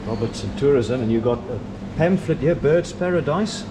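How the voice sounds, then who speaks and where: Lively in intonation and moderate in pace, this middle-aged man is a chatty travel vlogger strolling through an outdoor bird park. He coos at the birds in a high, sing-song voice, and loud bird noise fills the outdoor recording.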